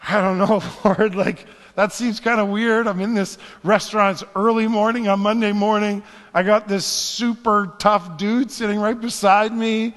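A man preaching in a high, ringing voice, telling a personal story with quiet asides before rising into fervent calls to his listeners. His words carry a long reverb, like in a big sanctuary. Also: moderate pace, hardly any pauses. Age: adult, married. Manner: animated storyteller, drops to hushed asides, builds to fervent exhortation. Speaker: pastor. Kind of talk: sermon with storytelling.

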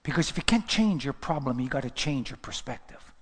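A man's voice: medium pitch, lively intonation, fairly quick, breathy edge. A man preaching a sermon in a church, asking the congregation question after question. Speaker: pastor. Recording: long hall reverb.

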